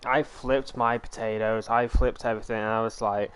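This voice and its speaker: Man, streamer, smooth clear voice, casual chat. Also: lowish voice, steady tone. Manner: storytelling, quick and playful. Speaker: streamer host.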